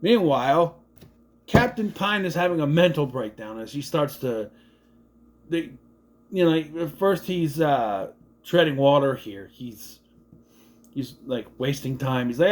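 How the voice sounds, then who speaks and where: A young adult man casually recapping and reviewing a movie, rambling and jumping into quick impressions of the characters. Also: on the high side, animated.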